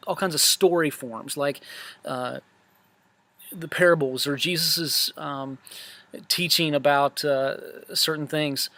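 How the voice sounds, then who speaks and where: A camp director recapping a Bible study class in a relaxed, earnest way, with many fillers and restarts. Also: male voice, on the high side, dry recording.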